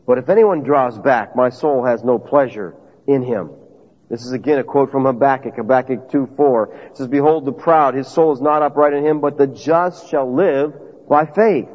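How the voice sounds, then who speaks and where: A man preaching a sermon in an emphatic, conversational way, putting questions to his listeners. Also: medium pitch. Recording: dull lo-fi audio with long reverb.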